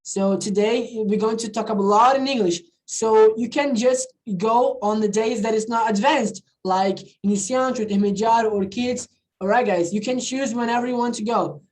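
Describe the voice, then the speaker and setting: Woman, online teacher, chatty, keeps checking in, slightly high voice. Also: normal speed, darkish tone, rough recording. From not from the country where she teaches. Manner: chatty, repeats "all right, guys?" and switches into Portuguese. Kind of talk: casual online class teaching.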